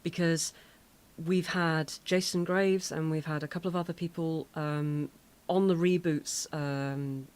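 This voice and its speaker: Measured low-voiced English woman. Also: steady tone, a little mellow. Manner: measured, thoughtful. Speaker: podcast co-host. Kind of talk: casual chat.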